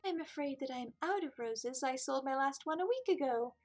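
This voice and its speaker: Woman doing a soft-spoken swan flower seller. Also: sits high, lively intonation, a little fast, soft background music, voice pushed up. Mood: polite. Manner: soft, polite, gentle.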